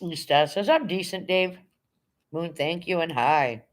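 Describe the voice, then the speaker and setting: A middle-aged woman hosting a casual livestream, with a fairly low voice. She reads viewer comments aloud and greets people one by one in a chatty, unhurried way. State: emotional, near tears when talking about her late dog. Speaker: livestream host reading chat.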